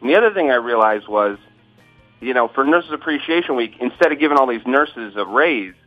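A man's voice: mid-range voice, animated, a little fast, dry recording, faint music behind. A male comedian telling a self-deprecating story in a dry manner. He comes through a tinny, narrow phone line. The sound is dead dry, with no room around it. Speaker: comedian guest. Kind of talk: casual phone interview. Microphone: phone call.

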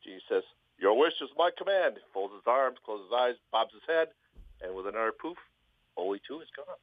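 A man tells a long joke down a tinny phone line, his pitch rising and falling lively. He hesitates often, filling gaps with fillers, and the sound is dry and close. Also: dry recording. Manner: halting, lots of fillers, lively. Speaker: phone-in guest, joke teller. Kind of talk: casual storytelling.

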